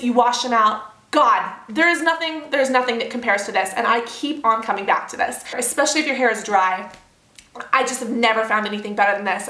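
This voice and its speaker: With a fairly high pitch and a bright, forceful tone, this twenty-something beauty vlogger runs casually through her hair products. Her chatter is bubbly and rambling, packed with fillers and asides, and the roomy home room echoes around her.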